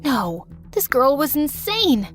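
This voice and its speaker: High-voiced woman narrating an animated drama. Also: slow pace, soft background music. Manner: dramatic, emotional storytelling. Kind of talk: first-person story narration.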